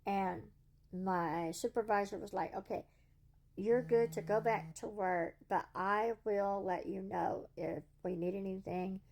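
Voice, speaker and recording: A woman's voice: medium pitch, fairly even intonation, a little slow, gravelly, darkish tone. Woman, casual vlog storytelling, earnest, quotes dialogue. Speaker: vlogger.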